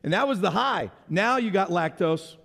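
Male pastor, high voice, lively conversational sermon delivery in a reverberant church hall. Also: normal speed, creaky. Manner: animated, conversational preaching with sound effects and audience questions.

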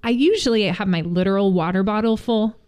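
A woman's voice: mid-range voice, fairly quick, darkish tone, clear, resonant tone. A woman co-hosting a faith-based morning conversation, telling a story in an earnest, reflective way. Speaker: co-host.

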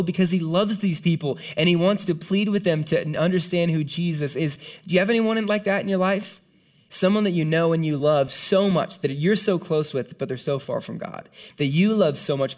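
A man preaching a sermon to a congregation in an earnest, conversational way, with quick asides and acted-out quotes. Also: on the high side. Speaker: pastor. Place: church hall before a congregation.

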